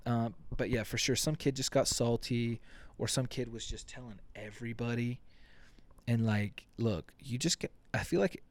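A young man hosting a casual solo podcast, rambling and swearing, acting out quick quotes with jokey asides. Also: mid-range voice. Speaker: podcast host.

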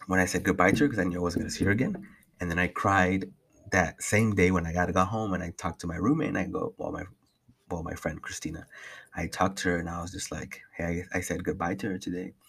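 Deep husky young man rambling. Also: fairly bright tone. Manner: rambling, heavy swearing, many restarts. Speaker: podcast host. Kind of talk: casual solo podcast update.

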